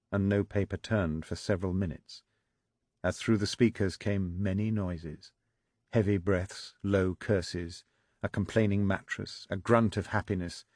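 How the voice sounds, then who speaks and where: A man narrating a political thriller audiobook in a measured, even storytelling manner. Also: deep voice, dry recording, studio quality. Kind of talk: scripted narration.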